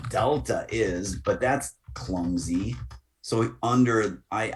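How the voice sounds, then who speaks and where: A man giving a screen-recorded software lesson as the instructor, talking through each click with casual asides. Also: lowish voice.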